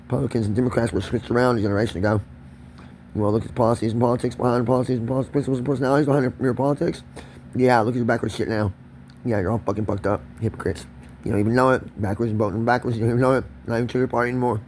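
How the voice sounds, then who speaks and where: A man's voice: mid-range voice, level tone, very fast, darkish tone, slight background noise. A man ranting alone to camera, erratic and confrontational, swearing and repeating himself. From Kentucky. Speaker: vlogger. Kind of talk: solo profane rant to camera.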